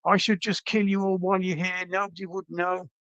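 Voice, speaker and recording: A man's voice: high voice, level tone, brisk, a bit bright, no echo, lo-fi sound, voice pushed up. A man voicing a furious, machete-wielding stranger screaming threats, in a raised ranting voice.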